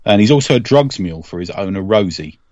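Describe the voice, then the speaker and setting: A man co-hosting a casual comics podcast, recapping a story in a deadpan, joking way. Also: on the low side, quick pace, no echo. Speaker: podcast co-host. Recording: dry, slightly dull podcast mic.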